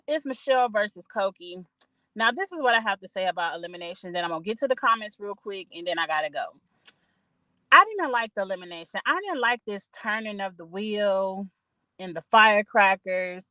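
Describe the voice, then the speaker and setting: A woman's voice: mid-range voice, fairly bright tone, no room sound, poor audio. A woman giving a chatty, opinionated reality show recap from her parked car, full of gossipy asides. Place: parked car in a parking lot.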